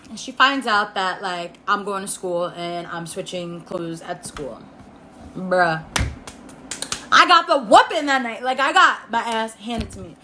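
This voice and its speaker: A woman's voice: medium pitch, sharp tone, slight background noise. A young woman telling a casual story on her phone camera, rambling, laughing, and saying "like" a lot. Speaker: storytime vlogger. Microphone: iPhone.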